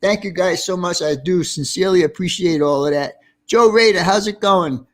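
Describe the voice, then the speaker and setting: A man's voice: high-pitched, moderate pace. A man hosting a casual livestream, chatty and reading out viewer names with friendly greetings. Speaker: livestream host.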